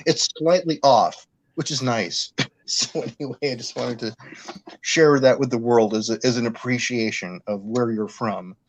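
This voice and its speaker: A man from Massachusetts in casual chat, animated and effusive, often laughing as he talks. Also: mid-range voice, a little slow, low-quality recording. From Worcester, Massachusetts. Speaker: chat participant.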